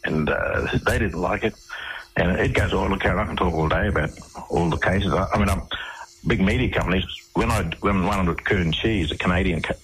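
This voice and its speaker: A man's voice: deep voice, fairly quick, a bit bright, a little hiss or hum, poor audio. An Australian man, a guest on a radio interview, telling his story casually with many restarts and repeated words.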